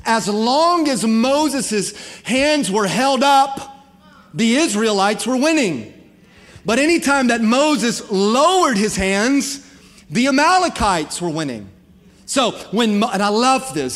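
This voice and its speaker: A man's voice: sits high, big pitch swings, slow pace, fairly bright tone, in a large hall. A man preaching a sermon as pastor, impassioned and calling out to his congregation. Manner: impassioned preaching with call-and-response.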